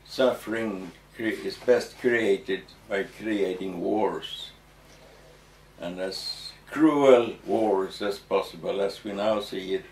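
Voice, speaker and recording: A man answering interview questions slowly and hesitantly, with frequent ums and restarts. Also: lowish voice, a little mellow. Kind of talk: halting explanatory interview answers. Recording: echoey room, distant mic, faint noise.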